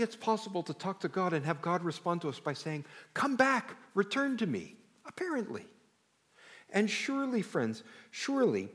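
A man preaching a sermon with a rather high voice that rises and falls in lively, animated swings. He talks conversationally and keeps putting questions to his congregation. His emphasis shifts freely from line to line. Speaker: pastor.

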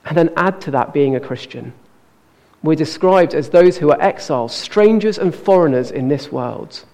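An earnest man delivers a sermon and draws out the words he wants to stress. His voice is mellow and gravelly. It echoes with a long reverb around a church hall. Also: fairly high pitch. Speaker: preacher.

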